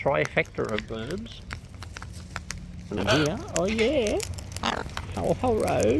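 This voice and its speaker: A woman coos and baby-talks to the wild birds gathering around her, speaking slowly with a gravelly edge. Her pitch sits low but swings widely as she greets them. The outdoor recording carries clear background noise. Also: sing-song. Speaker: bird feeder vlogger. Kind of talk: casual chat with wild birds.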